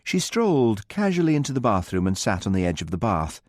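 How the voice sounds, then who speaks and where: A man narrating an audiobook with expressive storytelling. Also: on the low side, fairly quick, no room sound, clean studio sound. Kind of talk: scripted narration.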